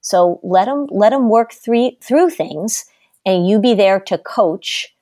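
A middle-aged woman giving parenting advice in a podcast conversation, emphatic and animated as she tells stories. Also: medium pitch, slow pace, dry recording, studio quality. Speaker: parenting expert guest.

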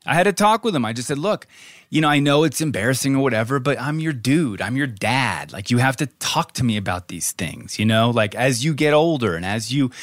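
A man in his forties co-hosting a podcast, telling a story in animated casual chat and laughing often. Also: mid-range voice, brisk, no room sound, clean studio sound. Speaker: podcast co-host.

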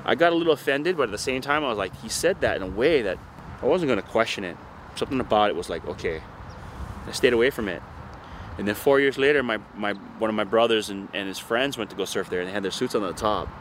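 Fast-talking, swearing man. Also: on the low side, slight background noise. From North Shore of Oahu, Hawaii. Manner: profane, rambling, animated retelling. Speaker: interviewee, surfer. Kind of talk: casual storytelling interview.

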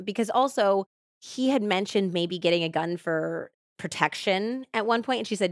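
A woman podcast host casually retells a true-crime case, peppering her chatty account with "like." Her mid-range voice is expressive and moderately paced, captured in a dry, studio-quality recording.

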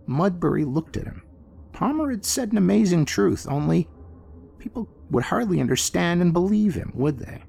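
A man narrating a classic horror story in an expressive, theatrical manner. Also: on the high side, normal speed, vocal fry, slight background noise. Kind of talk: dramatic horror story reading. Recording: faint music bed behind.

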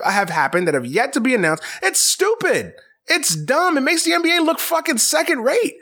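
Man, sports talk host, exasperated profane rant, voice swinging high and low. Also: a bit bright. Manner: exasperated, profane, repetitive ranting.

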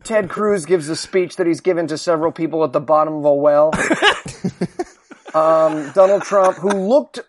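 A man's voice: fairly high pitch, moderate pace, a little hiss or hum. A man hosting a podcast in casual comedic chat, riffing and slipping into silly voices. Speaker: podcast host.

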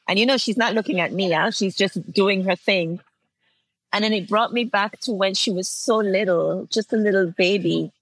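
A woman's voice: lowish voice, a bit bright, poor audio. A woman in her forties from Antigua, telling a personal story as an interview guest in a heartfelt way, laughing through tears and restarting phrases. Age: 40s.

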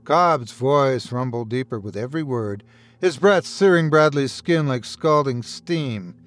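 Male horror podcast narrator, dramatic reading, animated pitch. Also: measured pace. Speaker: storyteller and podcast host.

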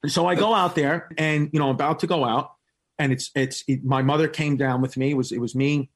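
A guest comedian tells a story on a casual podcast, animated and laughing often. He speaks a little fast and jumps up in pitch when quoting voices.

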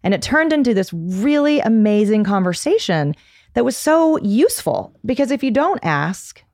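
Gravelly-voiced woman therapist guest. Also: fairly high pitch, big pitch swings, moderate pace, a little mellow, no room sound, clean studio sound. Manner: thoughtful, advice-giving. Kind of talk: casual podcast conversation.

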